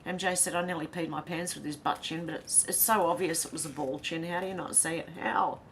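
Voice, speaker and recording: An Australian woman with a low, steady voice talks a little fast as she hosts a casual livestream. She reads comments from chat aloud and laughs readily, while a faint hum and rumble underlie the recording.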